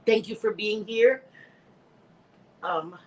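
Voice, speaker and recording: A woman's voice: medium pitch, slow pace, darkish tone, poor audio. A woman hosting a casual livestream, emotional and teary but laughing through it, heartfelt and rambling as she answers viewers, still getting over a bad cold. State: recovering from a bad cold, slightly stuffy. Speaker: livestream host. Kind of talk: casual livestream chat reading viewer comments.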